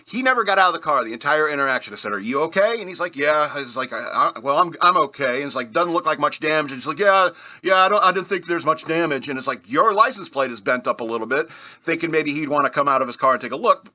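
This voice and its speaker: A man's voice: a little high, animated, rapid-fire, sharp tone. A man hosting a radio show, telling rambling personal stories in a casual, self-deprecating way with chuckles. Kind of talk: casual storytelling.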